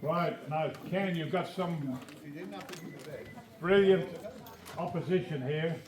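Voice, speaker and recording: Heavy background noise surrounds this older Northern Irish man, whose slightly high voice moves slowly. Telling stories and jokes while doing snooker trick shots, he laughs often and chats with the crowd in a large echoey hall, heard through a distant mic.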